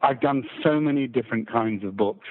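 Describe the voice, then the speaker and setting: Older baritone narrator, mid-Atlantic accent, chatty and stammering, tinny phone sound. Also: male voice, a little fast. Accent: mixed British-American. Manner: chatty, self-deprecating, frequent stammering restarts. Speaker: audiobook narrator guest. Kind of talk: casual interview chat.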